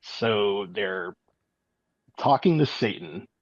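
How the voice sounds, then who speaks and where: Low-voiced male guest on a dull remote line. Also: lively intonation, dry recording. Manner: halting, many ums and likes, matter-of-fact. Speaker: guest, eyewitness. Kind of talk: casual interview storytelling.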